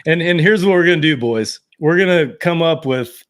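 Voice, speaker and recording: A man's voice: a little high, lively intonation, normal speed, a bit bright. Joking man hosting a sports podcast. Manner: joking, running a contest segment. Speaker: podcast host. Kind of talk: casual chat.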